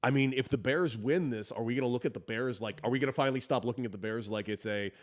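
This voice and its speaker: A man's voice: mid-range voice, fast. A man in his thirties co-hosting a sports podcast, loose and joking in casual chat. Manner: loose, joking, laughs easily. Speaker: podcast co-host.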